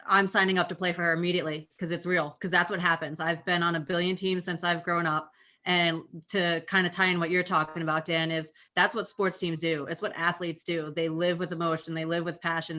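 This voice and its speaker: Bright, animated woman panel guest. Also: on the low side. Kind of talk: panel discussion.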